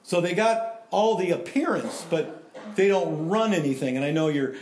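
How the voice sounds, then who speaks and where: A man preaching a sermon in a conversational, animated way, swinging between loud emphasis and hushed asides. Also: sits high, normal speed, roomy sound. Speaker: pastor.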